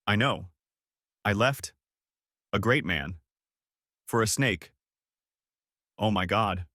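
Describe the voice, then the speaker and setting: A man's voice: fairly low pitch, takes it slowly, bright, forceful tone, dry recording, studio quality, full character voice. A man voicing a remorseful young wife who pleads and apologizes in a story reading. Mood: pleading.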